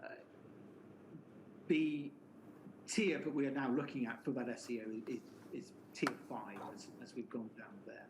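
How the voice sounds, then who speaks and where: A man's voice: medium pitch, a little slow, long pauses. Male lawyer asking questions, methodical, lots of uhs, faint hiss behind. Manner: methodical, explanatory, many fillers. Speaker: inquiry counsel. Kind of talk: formal questioning.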